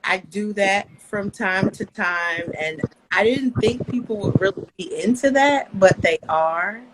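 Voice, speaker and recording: Confident, animated woman guest. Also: mid-range voice, measured pace, noisy background. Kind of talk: casual podcast chat.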